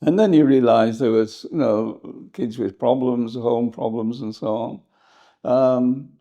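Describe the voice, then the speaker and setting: An older English historian reminiscing in an interview, rambling and hesitant, with frequent laughs. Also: male voice, mid-range voice, slow pace, warm tone. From England. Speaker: historian guest.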